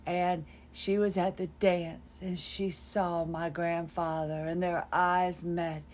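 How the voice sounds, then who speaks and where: Woman, fifties, lowish voice, rambling wry storyteller, podcast host. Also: flat delivery, slow pace, darkish tone, a little hiss or hum. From North Carolina, USA. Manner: rambling, wry, self-deprecating. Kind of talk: personal storytelling monologue.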